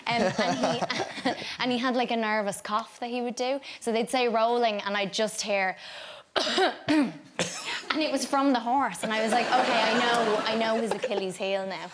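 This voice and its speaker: A young adult Irish woman, a guest on a chat show, telling animated anecdotes with frequent laughter. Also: fairly high pitch, moderate pace, noisy background. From Ireland. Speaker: guest actor.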